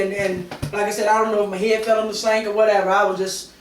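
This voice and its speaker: A middle-aged woman panelist shares an emotional, candid personal confession, with lots of fillers and false starts, picked up from a distance in a roomy space. She talks fast in a mid-range voice with a flat delivery and few pauses, over a little hiss or hum.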